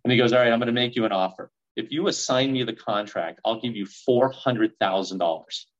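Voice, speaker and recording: A man in his forties telling a story in a podcast interview, acting out the dialogue with lively energy. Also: medium pitch, brisk, highs cut off. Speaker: real estate investor guest.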